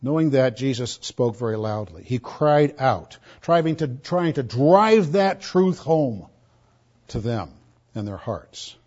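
A pastor preaching an expository sermon, stressing points loudly and then dropping to quiet asides. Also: male voice, medium pitch, expressive, takes it slowly, lo-fi sound. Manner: emphatic, swinging between loud stresses and quiet asides.

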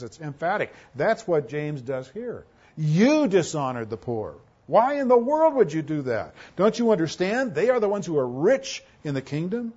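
A man preaching a sermon as a pastor, emphatic, with rhetorical questions and a delivery that swings between loud and soft. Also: fairly high pitch, slightly rough, dull audio.

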